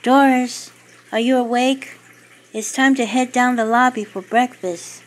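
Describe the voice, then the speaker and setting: A woman's voice: fairly high pitch, steady tone, measured pace, close to an everyday voice. A woman voicing a friendly, concerned female nursing-home staff member in a read-aloud story.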